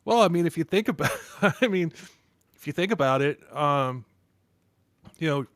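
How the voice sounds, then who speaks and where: A man's voice: on the high side, animated, normal speed, fairly bright tone, no echo, studio quality. A man hosting a podcast in casual chat, rambling with frequent restarts and laughing often. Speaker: podcast host.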